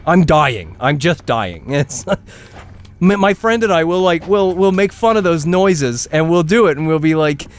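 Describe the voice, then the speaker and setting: Man, gameplay streamer, rambling rant, lively up-and-down voice, slightly high, game music faint behind. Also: a little slow. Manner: rambling, ranting, self-interrupting; laughs often, exaggerated complaints. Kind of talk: live gameplay commentary.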